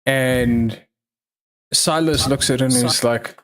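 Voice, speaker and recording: Male game master for a livestreamed tabletop game. Slow, deliberate storytelling with a mid-range voice. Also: mid-range voice, fairly bright tone. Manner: slow, measured storytelling with pauses. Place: online livestream.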